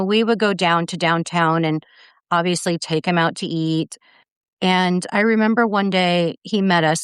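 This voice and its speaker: A middle-aged woman recounts a personal story on a podcast, slipping in the words people said. Her voice sits low with a smooth, clear tone. The sound is close and dry, with no room around it. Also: dry recording. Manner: earnest, retelling events with quoted dialogue. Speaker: podcast guest, mother.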